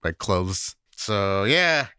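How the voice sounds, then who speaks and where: Low, bright-voiced rambling man. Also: sing-song, very slow, clean tone, no room sound, clean studio sound. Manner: rambling, swears freely, many fillers. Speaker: podcast co-host. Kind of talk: casual chat.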